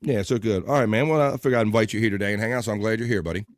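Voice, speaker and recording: A man's voice: on the low side, rapid-fire, no echo, clean studio sound. A man hosting a casual live-stream show, joking and laughing as he reads viewer comments. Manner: joking, laid-back, laughs often. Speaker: livestream show host.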